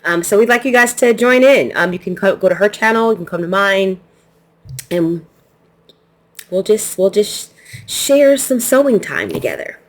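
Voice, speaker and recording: A woman's voice: medium pitch, expressive, moderate pace. A woman hosting her quilting channel, chatting casually through an unboxing, laughing easily and restarting her sentences.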